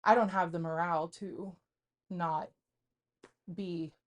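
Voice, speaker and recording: This woman in her thirties co-hosts a podcast, her low voice steady and slow-paced. She talks casually and confessionally, candid throughout, rambling and leaning heavily on fillers.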